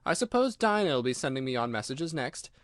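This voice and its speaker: Man voicing a young girl, earnest, chatty, audiobook, lively pitch, dry sound. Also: fairly quick, no echo. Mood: musing. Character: curious polite young girl.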